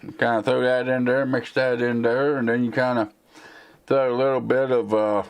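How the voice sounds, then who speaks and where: A man's voice: medium pitch, flat delivery, moderate pace, clean tone. Rambling Southern American man, slight slur. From United States. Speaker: tech channel host. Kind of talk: live stream Q&A chat.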